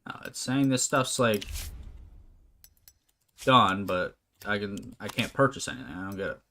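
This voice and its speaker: A male commentator plays a management game, casually voicing its text with wry side comments in let's play style. His voice is on the low side, a little slow, with a bright, forceful tone. There are faint noises and clicks in the recording.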